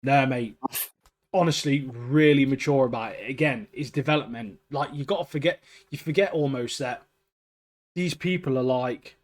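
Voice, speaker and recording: A man's voice: medium pitch, moderate pace. A man co-hosting a casual podcast chat, talking enthusiastically and filling his sentences with "mate" and "like". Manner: enthusiastic, peppers talk with "mate" and "like". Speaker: podcast co-host.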